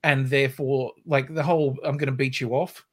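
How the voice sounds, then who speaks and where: A man in his forties co-hosting a podcast in casual, relaxed chat. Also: mid-range voice, fairly quick. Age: 40s. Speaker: podcast co-host.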